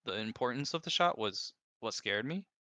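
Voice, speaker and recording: A man telling lively work stories in casual chat, bursting into high mimicked voices. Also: moderate pace, no room sound. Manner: animated storyteller, mimics coworkers in high squeaky voices. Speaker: animator guest.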